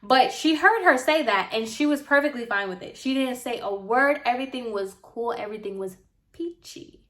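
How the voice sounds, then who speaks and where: A young woman vlogger and apprentice hairstylist telling a casual story, talking fast and loose with lots of "like", sounding exasperated. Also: fairly high pitch, animated, a bit bright. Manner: chatty, exasperated, heavy use of "like".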